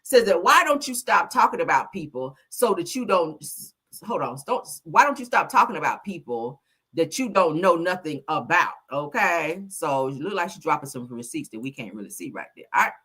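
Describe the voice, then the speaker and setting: A woman's voice: low voice, moderate pace, husky. A woman hosting a casual gossip commentary, reading posts aloud with sassy asides. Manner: sassy, animated, drops asides like "child" and "girl". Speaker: commentary channel host. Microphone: streaming desk mic.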